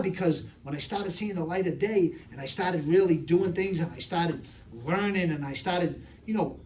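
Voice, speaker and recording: A middle-aged man answers questions from a live audience in an earnest, streetwise way. His voice sits a little high for a man. It is picked up from across the room with faint background noise. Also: distant mic. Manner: streetwise, earnest, tells stories with acted voices.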